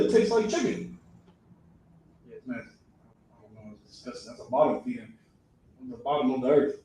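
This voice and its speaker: A man teaching a religious class in a classroom, animated and acting out people's reactions with mock voices. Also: on the high side. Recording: echoey room, far from the mic.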